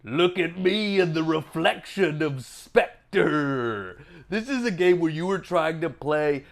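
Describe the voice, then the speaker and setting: A man's voice: on the high side, expressive, takes it slowly, vocal fry. A man hosting a board game unboxing, off the cuff and playful, with goofy asides.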